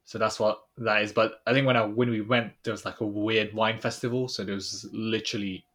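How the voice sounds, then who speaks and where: A young man co-hosting a podcast recounts a trip in casual chat, rambling with lots of fillers and trailing off quietly. His voice is lowish with flat delivery, and he talks a little fast.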